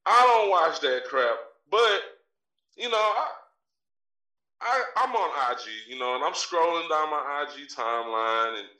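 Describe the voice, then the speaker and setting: A man's voice: a little high, animated, unhurried, bright, forceful tone, recorded from a distance. Brash trash-talking man in an echoey room. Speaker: podcast co-host with a wrestling segment. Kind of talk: profane ranting commentary.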